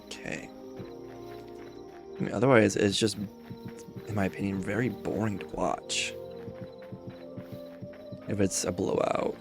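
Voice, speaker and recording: Male streamer, gravelly voice, low-pitched, easygoing rambling chat. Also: steady tone, unhurried, long pauses, music in the background. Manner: rambling, easygoing, thinking aloud. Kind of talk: casual chat while gaming.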